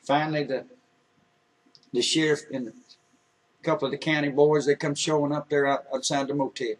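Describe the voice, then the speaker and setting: A man telling an emotional personal story in an earnest, halting way, with many restarts. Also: a little high, level tone, distant mic, rough recording.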